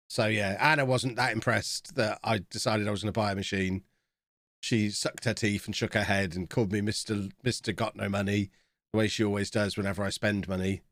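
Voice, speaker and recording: A man's voice: on the low side, fairly bright tone, no room sound, studio quality. A man in his thirties, chatting casually with viewers while reacting to a live game stream.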